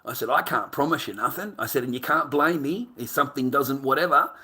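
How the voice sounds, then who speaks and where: Speaking fairly quickly at a medium pitch, this Australian vlogger tells a meandering anecdote full of profanity. He gets excited as he goes and drops "mate" to the listener again and again.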